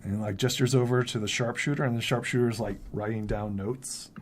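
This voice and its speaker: A man's voice: medium pitch, fairly even intonation, brisk, slight background noise. Casual male game master narrating. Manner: casual, filler-heavy narration with many "uh" and "like".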